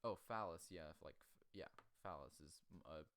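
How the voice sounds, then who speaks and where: A man's voice: low voice, normal speed, a bit bright, a little hiss or hum. A man hosting a casual comedy chat, crude and rambling, often laughing. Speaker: podcast host.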